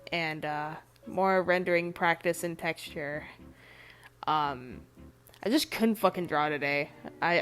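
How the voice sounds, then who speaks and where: A woman narrating a voice-over about her own drawings in casual, rambling chat, congested and swearing freely. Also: fairly low pitch. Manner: rambling, loose and swearing a lot. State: congested, nasal. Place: home recording, voice-over over drawing footage.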